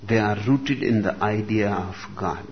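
Man, spiritual teacher, reflective discourse, very slow deliberate delivery, long pauses, dull lo-fi recording. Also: lowish voice. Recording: dull lo-fi recording with faint room noise.

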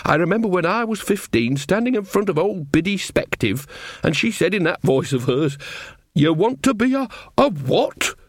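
A man voicing a gossipy, folksy old witch woman who rambles along and rises to high squeaks. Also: sing-song, normal speed, dry recording, studio quality, heavily acted. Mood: reminiscing.

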